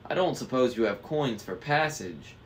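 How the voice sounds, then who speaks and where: A man voicing a smooth, greedy ferryman of the dead who poses as a guard, in a put-on British-ish foreign accent, sweetly cold and drawing out his words. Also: mid-range voice, lively intonation, normal speed, a little hiss or hum, close to an everyday voice. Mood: smug, greedy.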